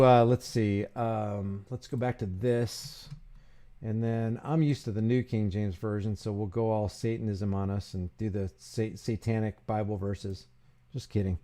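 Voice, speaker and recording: A man's voice: mid-range voice, a little mellow. A man hosting a casual stream, reading verses aloud and rebutting them with sarcastic, mocking asides. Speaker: channel host, commentator. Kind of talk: casual live-stream commentary.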